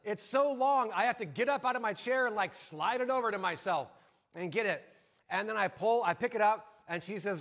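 A man with a notably high voice preaches a sermon in a church sanctuary. He talks in a relaxed, conversational way and often stops to ask the congregation questions. His pace stays easy as he moves between story and scripture. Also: fairly quick. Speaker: pastor.

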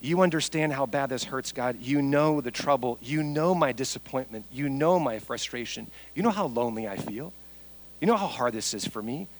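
A man's voice: mid-range voice, moderate pace, lightly acted, poor audio. A man, a preacher, voicing the apostle Paul as a hurting man who pleads with repeated questions. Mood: pleading.

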